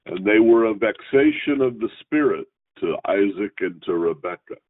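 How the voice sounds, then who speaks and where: A man reading scripture aloud and pausing to explain it as a Torah teacher, in a slow, measured way. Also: on the low side, lively intonation. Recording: phone-like radio broadcast.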